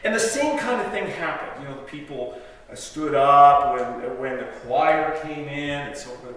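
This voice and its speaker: Man, guest preacher, chatty storyteller, fairly high voice, echoey hall, far from the mic. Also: lively intonation, moderate pace, a bit bright. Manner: chatty, self-interrupting, laughs at own jokes. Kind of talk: storytelling sermon. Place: church sanctuary.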